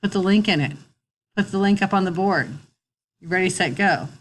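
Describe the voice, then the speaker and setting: A middle-aged woman teacher, recording a relaxed, chatty screen tutorial with wry asides, talking into a computer mic. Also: medium pitch, normal speed.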